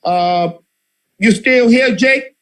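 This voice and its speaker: A man with a high-pitched voice leads a political study group. He speaks fiery and impassioned, circling back over his own phrases and stumbling through "uh"s as he presses his point. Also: slow pace, fairly bright tone, rough recording. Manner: fiery, repeats phrases, many fillers.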